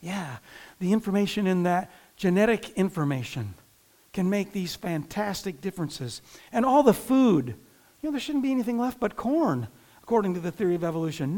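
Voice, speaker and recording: A man's voice: high-pitched, animated, normal speed. A man from northern Indiana, a pastor, preaching a conversational sermon in a church and talking directly to the congregation. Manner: conversational preaching, frequent restarts and asides to the congregation.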